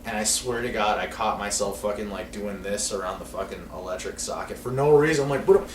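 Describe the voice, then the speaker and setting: A podcast co-host with a lowish voice tells a rambling, profane story at a brisk pace in casual talk. The recording is noisy, with an echoey room and a distant mic.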